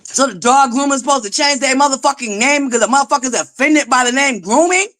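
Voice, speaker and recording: A commentary vlogger with a high, fairly bright voice speaks fast on her own channel. Her heated rant about reality TV is exasperated, profane and emphatic, and she often stammers and starts over.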